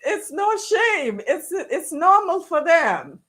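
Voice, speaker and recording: Slow, high-voiced woman storyteller. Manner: animated storyteller who acts out quotes and laughs through her stories. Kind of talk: casual chat, storytelling.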